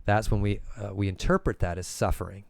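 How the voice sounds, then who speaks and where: A man's voice: lowish voice, steady tone, brisk, creaky, no room sound. A Nova Scotian man, a guest developer, talking bluntly with crude humor and rhetorical questions. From Canada. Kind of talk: casual chat.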